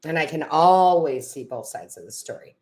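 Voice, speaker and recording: A middle-aged woman with a notably low voice hosts a casual live stream as a tarot reader. She talks to viewers by name, laughs easily and gets emotional. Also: lively intonation, normal speed, darkish tone.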